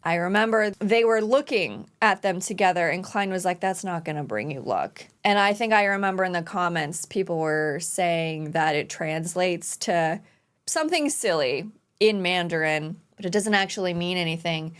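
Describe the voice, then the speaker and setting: A woman's voice: lowish voice, moderate pace, smooth. A woman hosting an anime reaction video, talking earnestly and emotionally about an episode, with sighs and exclamations. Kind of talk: casual reaction commentary.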